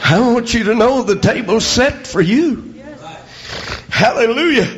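Older man preaching, high and lively voice with wide swings, slow delivery, peppered with amens. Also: lo-fi sound. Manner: frequent amens, swings from low talk to shouting. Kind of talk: sermon.

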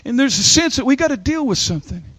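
High-pitched emphatic male preacher. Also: very animated, fairly bright tone, no room sound. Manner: emphatic preaching with dramatic pauses and rising pitch. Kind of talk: sermon.

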